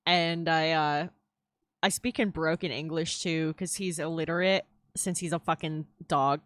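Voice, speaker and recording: A woman's voice: low-pitched, steady tone, measured pace, dry recording. A woman chatting casually while drawing on a live stream, swearing freely and laughing easily. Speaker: streaming artist. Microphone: headset.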